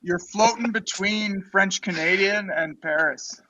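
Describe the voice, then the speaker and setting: A man with a high voice throwing wisecracks into a group chat. He comes through a dull, dry, lo-fi mic. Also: a little slow, pushed and bright, slight background noise.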